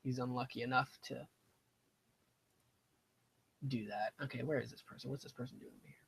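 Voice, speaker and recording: A man's voice: medium pitch, fairly even intonation, brisk, creaky, a little hiss or hum, low-quality recording. A young man streaming a strategy game, chatting casually and drifting into side stories while talking to himself about his moves. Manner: rambling, digressive, talks to himself about the game. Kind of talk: casual gameplay commentary.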